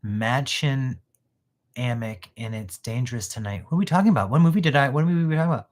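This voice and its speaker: A man hosting his own channel, chatting casually while wrapping gifts, animated and prone to going off on rants and tangents. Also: medium pitch, very fast. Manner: animated, ranting, goes off on tangents. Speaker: channel host.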